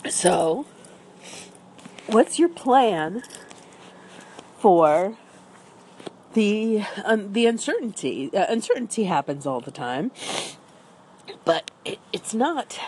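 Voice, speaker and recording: A woman's voice: mid-range voice, sing-song, takes it slowly, pauses often, darkish tone, a little hiss or hum. A woman talking upbeat and rambling in a casual outdoor morning vlog, with an allergy cough. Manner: rambling and upbeat, with small restarts. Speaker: vlogger. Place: outdoors with dry leaves on the ground.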